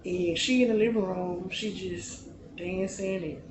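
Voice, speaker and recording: Late-twenties male vlogger, casual personal storytelling, soft and low-key, in an echoey room with steady background noise. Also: slow pace. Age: late 20s. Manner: relaxed, conversational, often drops to a soft, low-key delivery.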